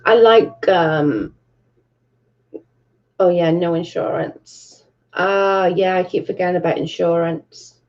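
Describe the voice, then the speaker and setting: A woman's voice: fairly low pitch, fairly even intonation, slow, long pauses, darkish tone, muffled recording. A British woman hosting a casual livestream from her bedroom, chatting and reading out viewer comments, swearing freely. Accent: British English. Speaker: livestream host.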